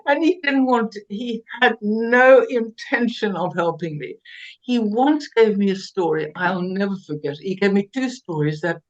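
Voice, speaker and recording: Older woman, from South Africa, interview guest, lively anecdotes, self-mocking humor, average pitch. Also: moderate pace, lo-fi sound. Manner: lively storyteller, laughing, self-mocking, restarts often.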